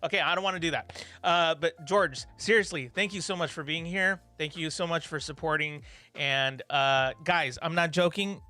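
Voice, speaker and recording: A man hosts a study livestream, reading out viewer comments in a loose, rambling chat full of fillers. His voice is bright and a little high. Soft music plays underneath. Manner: warm, rambling, encouraging, with frequent fillers. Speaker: livestream host.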